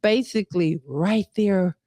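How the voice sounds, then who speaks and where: A woman hosts a talk show and tells a personal story slowly, pausing, restarting and searching for words. Her pitch sits in a middle range. The recording is close and dry, with no room sound. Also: mellow, no echo. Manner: halting storytelling with many pauses and restarts. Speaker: host. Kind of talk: casual chat.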